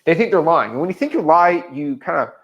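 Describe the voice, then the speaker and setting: A man in his twenties who coaches real estate in casual teaching talk and acts out conversations in an animated way. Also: fairly high pitch, fairly quick, muffled recording.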